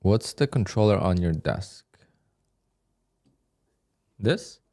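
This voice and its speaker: A man's voice: low voice, takes it slowly. A man hosting a live day-trading stream, chatting casually and answering viewer questions as he trades. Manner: relaxed, reads chat questions aloud and answers offhand. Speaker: day-trading livestream host.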